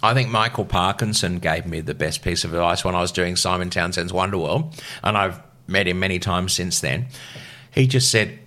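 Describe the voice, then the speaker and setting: Deep-voiced older man. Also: normal speed. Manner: lively storyteller, acts out quoted voices. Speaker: veteran broadcaster, guest. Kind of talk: casual interview chat.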